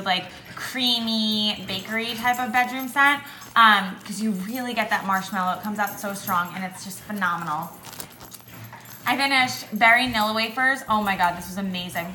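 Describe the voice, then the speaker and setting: A woman's voice: mid-range voice, pushed and bright. A young woman chatting casually at home, reviewing products with lots of fillers. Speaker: beauty vlogger. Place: home with dogs. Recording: echoey room, faint noise.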